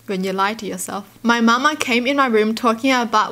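Young female vlogger, slightly high voice, giggly and animated reaction commentary. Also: brisk. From Australia. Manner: giggly, animated, squeals in disbelief. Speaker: YouTuber reacting to tweets.

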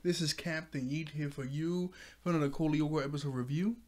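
A man hosting a casual episode recap, excitable and quick to laugh as he retells scenes. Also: a little high. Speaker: show reviewer.

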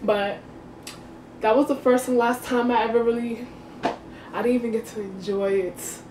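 Animated young woman in an echoey room. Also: on the high side, normal speed, slight background noise. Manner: animated, slangy, acts out her own reactions. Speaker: vlogger. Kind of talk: casual storytime. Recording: echoey room, far from the mic.

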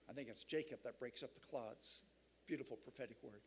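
A man's voice: medium pitch, brisk, a little hiss or hum. A man preaching a sermon at a church seminar, emphatic and rousing the crowd. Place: large church hall.

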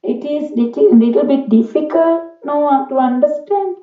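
A woman's voice: high-pitched, animated, moderate pace, faint music behind. A woman learning English, speaking hesitantly on a casual practice call, with many fillers and restarts. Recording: tinny phone line, echoey room, far from the mic.

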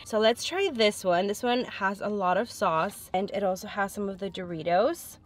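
A woman's voice: mid-range voice, normal speed. A young woman chatting frankly and thinking aloud as she tastes food in a casual eating vlog. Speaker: food vlogger.

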